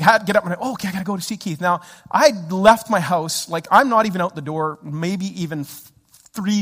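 A man preaching a sermon, telling a story with lively animation and acting out his own frustrated shouts. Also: sits high. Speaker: pastor. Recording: church hall reverb.

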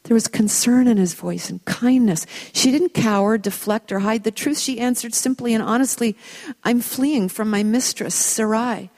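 A woman teaching a Bible study, retelling the story in an expressive, reflective way. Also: a little high, moderate pace.

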